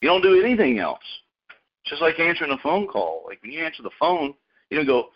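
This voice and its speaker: Dude radio host guy rambling on, pitch jumping all over, muffled lo-fi sound. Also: fairly quick, slightly rough. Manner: rambling, animated, calls people dude and man. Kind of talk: casual radio talk.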